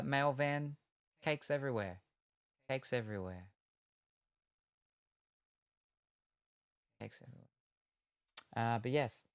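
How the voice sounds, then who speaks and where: A man's voice: medium pitch, clean tone, dry recording. This is a man in the middle of a laid-back card-opening stream, talking in loose, wandering retellings that circle back on themselves. His voice sits in an ordinary middle register. The sound is close and dry, with no room around it. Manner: rambling, meandering retelling with many hedges. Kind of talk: casual chat while opening cards.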